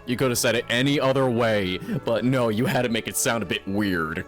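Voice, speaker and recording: A man's voice: medium pitch, fairly quick, faint music behind. A man giving casual let's-play commentary between game lines, with wry, amused asides. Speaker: gaming YouTuber.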